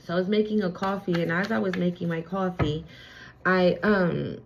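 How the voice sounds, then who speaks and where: A woman's voice: lowish voice, fairly even intonation, moderate pace, vocal fry, lo-fi sound. A young adult woman giving a casual spiritual reading, chatty and emphatic, with slangy fillers. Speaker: spiritual reader. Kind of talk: casual tarot-style channeled reading.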